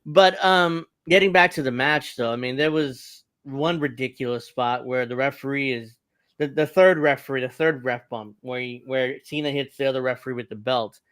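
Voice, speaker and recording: Smooth-voiced man recapping wrestling. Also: mid-range voice, normal speed, fairly bright tone, no echo. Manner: rambling recap with chuckles. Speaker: podcast host. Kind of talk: casual wrestling review chat.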